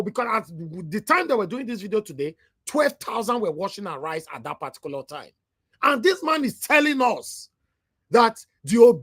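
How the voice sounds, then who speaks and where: Scornful Nigerian live-stream commentator, husky. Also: male voice, high voice, fairly bright tone, no room sound, clean studio sound. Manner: scornful, uses Pidgin asides.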